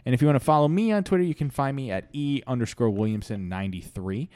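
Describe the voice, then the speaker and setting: A man's voice: mid-range voice, expressive, fast talker, a little mellow, dry recording, clean studio sound. A man hosting a comedy podcast in a casual, rambling way, full of fillers. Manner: rambling, filler-heavy, chuckling. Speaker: podcast host.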